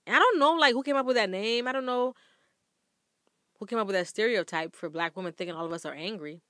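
Speaking quickly in a mid-range, pushed and bright voice, a vlogger gives her viewers tips on workplace faith. She addresses the camera candidly, earnestly and with emphasis from a room in her home, and the recording is dry and studio quality.

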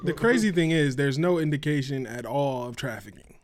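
A man's voice: mid-range voice, animated, a little fast. A man making dry, matter-of-fact remarks in a casual reaction chat among friends.

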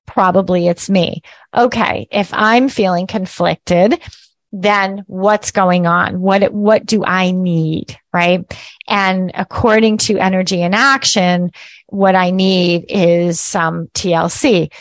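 A woman hosting a casual spiritual teaching talk, chatty and lively, laughing at herself and often checking in with "right?". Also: fairly low pitch, slow, dry recording.

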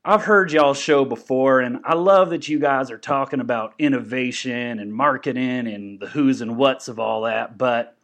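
An actor playing a folksy, boastful customer-support mogul with a Texan accent, guesting on a comedy podcast. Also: male voice, medium pitch, moderate pace, few pauses, a bit bright, close to an everyday voice. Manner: folksy, drawling, full of catchphrases.

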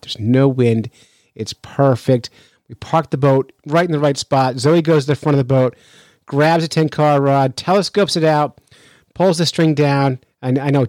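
A man hosting a podcast, telling a story in a lively, chatty way with frequent restarts, then commenting on the news. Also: mid-range voice, dry recording. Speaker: fishing podcast host.

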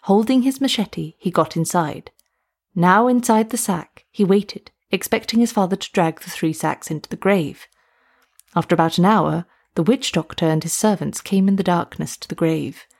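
A woman narrating a story aloud in a steady, measured way. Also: fairly low pitch, creaky.

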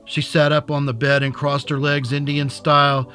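A man narrating a story in an even, unhurried reading voice. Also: on the high side, soft background music. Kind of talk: audiobook reading.

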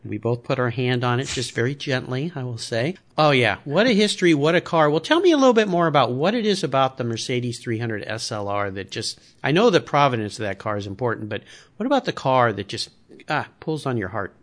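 A man's voice: medium pitch, animated, fairly quick. A man hosting an interview podcast, upbeat and enthusiastic as he asks questions. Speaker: podcast host. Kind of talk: casual interview.

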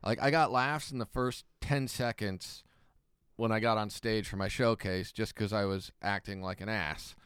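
Young guy from kansas, self-mocking comic, low voice but bright edge, dry mic. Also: fairly even intonation, normal speed, clean tone, no echo. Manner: self-mocking, acts out quotes. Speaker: comedian. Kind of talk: casual chat.

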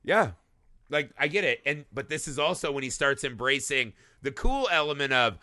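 A man co-hosting a casual movie podcast, talking fast and swearing freely as he breaks down a film. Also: mid-range voice, dry recording, clean studio sound. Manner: animated, profane, acts out characters in quick bits. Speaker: podcast co-host.

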